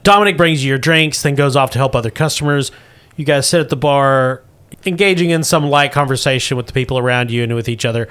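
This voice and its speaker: A man's voice: mid-range voice, fast, a bit bright, smooth. A man running a comedy tabletop game as game master, narrating in a laid-back way and laughing often.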